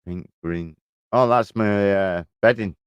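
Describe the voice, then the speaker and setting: A man's voice: lowish voice, slow, clear, resonant tone, no echo, muffled recording. A middle-aged man chatting casually at home, rambling, chuckling and swearing freely as he talks to camera. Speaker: vlogger. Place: room at home, indoors.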